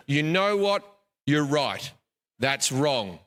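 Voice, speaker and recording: A man's voice: fairly high pitch, animated, a little slow, bright, forceful tone. A man doing stand-up comedy with a sly, teasing delivery.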